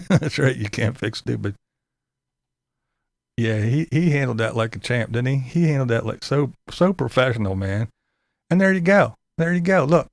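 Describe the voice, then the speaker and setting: A man with a gravelly, creaky voice, recorded dry and close. He hosts a loose commentary show, incredulous and profane, and laughs between his remarks. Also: mid-range voice, lively intonation, moderate pace, long pauses, no echo. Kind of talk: casual commentary to a live chat.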